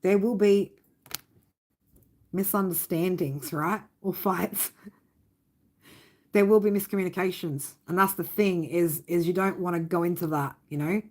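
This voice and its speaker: A woman doing a live tarot reading for viewers. She talks bluntly and warmly, swearing often and tagging lines with "right?". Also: fairly low pitch, fairly even intonation, measured pace, long pauses. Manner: blunt, swearing, fond tough-love talk with many "right?" tags. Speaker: tarot reader.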